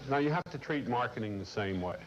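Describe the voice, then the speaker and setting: A man giving a lecture to a corporate class, telling a long story in a blunt, salty, animated way. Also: medium pitch, fast. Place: lecture room. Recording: muffled old videotape with faint hiss.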